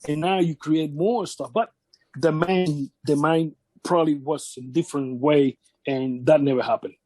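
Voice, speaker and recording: Man with a high voice telling wrestling stories. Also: steady tone, dark tone, slightly rough, dry recording. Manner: halting, repeats words, acts out quotes of others. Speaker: wrestling veteran interviewee. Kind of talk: casual shoot interview storytelling.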